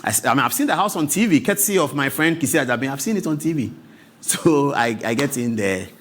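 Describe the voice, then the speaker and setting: Ghanaian host in his forties, animated storyteller with a lively, swooping voice, chuckling and stammering as he goes. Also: medium pitch, fast talker. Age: 40s. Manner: laughs often, stammers and repeats words.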